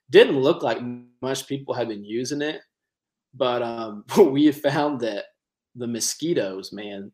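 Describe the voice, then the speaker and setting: A man, a guest chatting easily about hunting trips. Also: mid-range voice. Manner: easygoing, agreeable, chuckles often. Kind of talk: casual hunting chat.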